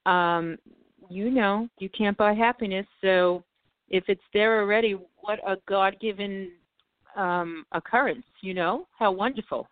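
A woman's voice: medium pitch, measured pace, no echo. A woman speaks as a guest in a casual conversation, reflective and agreeable. Her voice comes through a dry, tinny line, with no room sound around it. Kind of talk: casual chat.

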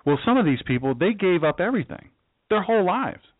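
A man's voice: sits high, big pitch swings, fairly quick, no room sound. Joking man teaching scripture. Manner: folksy, joking asides, acts out quotes. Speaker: pastor. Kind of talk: casual Bible teaching. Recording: dry, tinny phone-like sound.

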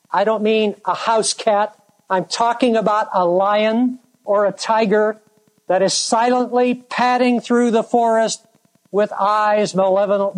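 A preacher delivering a sermon in a deliberate way, stretching out key words for emphasis. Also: medium pitch, poor audio.

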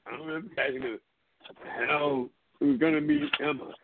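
A man hosting a call-in tribute show, telling stories in a casual, animated way, swearing often and acting out his friends' lines. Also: a little high, moderate pace, a crowd in the background. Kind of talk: casual storytelling chat. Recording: phone-line audio with hiss.

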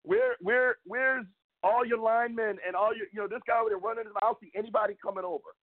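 A man co-hosting a sports talk podcast from the US, ranting with a rising, fired-up pitch. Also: fairly even intonation, fast, dry recording. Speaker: podcast co-host. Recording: tinny phone-like call line.

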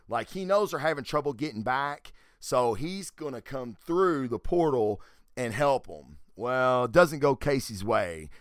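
A man at a middle pitch tells the story of a comic book issue in an offhand podcast style. He curses easily and stumbles through fillers and restarts as he goes. His voice sits close and dry, with no room around it. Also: clear, resonant tone, dry recording. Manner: loose and profane, with frequent fillers and restarts. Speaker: podcast host. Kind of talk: casual comic book recap.

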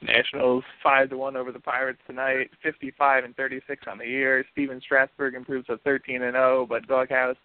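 A man's voice: medium pitch, flat delivery, a little fast, hardly any pauses, no room sound. A man hosting a casual sports podcast, recapping the game in a conversational way over tinny audio. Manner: conversational, recaps scores and news. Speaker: podcast host. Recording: tinny phone-line audio.

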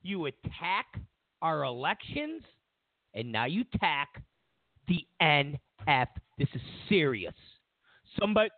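Guy doing a sarcastic rant, high voice all over the place, tinny dry phone sound. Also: very animated, unhurried, dry recording. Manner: mock-outraged, swings between shouting and mumbling. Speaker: host.

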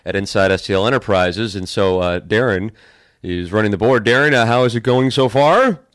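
A man's voice: lowish voice, brisk, a bit bright, no room sound, studio quality. A man hosting a morning radio talk show, joking and reading listener texts aloud.

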